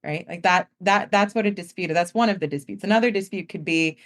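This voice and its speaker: A woman's voice: fairly low pitch, fast. A woman guest on a podcast interview, explaining casually and filling her talk with "like" and acted-out customer voices. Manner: casual, heavy use of "like", acts out customers' words. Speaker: guest, company founder. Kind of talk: conversational explanation.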